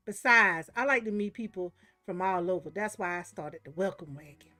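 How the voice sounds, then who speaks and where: A woman's voice: on the low side, moderate pace, pushed and bright, faint music behind. A woman reading as a sassy older divorcee. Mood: wry.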